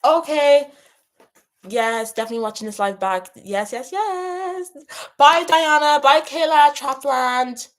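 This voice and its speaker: A woman hosting a casual livestream as a spiritual coach, passionately chatting, repeating herself and giving viewers shout-outs. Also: high voice, lively intonation, a little slow. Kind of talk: casual livestream chat reading out comments.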